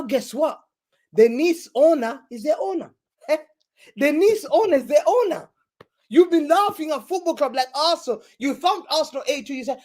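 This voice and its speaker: A man with an unusually high, bright-toned voice talks football on a live stream, gleeful and mocking as he rips into a rival club. He drops street slang, laughs at his own jokes, and talks over a desk microphone on a video call. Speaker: guest pundit.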